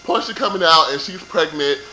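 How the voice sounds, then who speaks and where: A man's voice: fairly high pitch, fairly quick, bright, forceful tone, a little hiss or hum, poor audio. A young man ranting casually about a reality show reunion, sassy and profane. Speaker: vlogger reviewing a reality show. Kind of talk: casual rant.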